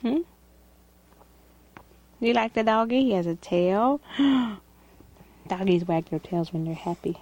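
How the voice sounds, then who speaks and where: A woman's voice: mid-range voice, animated, slow, pauses often, a little mellow, highs cut off. A mother speaking in gasping, giggly baby talk while playing with toys with her child. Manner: sing-song, gasping, giggly.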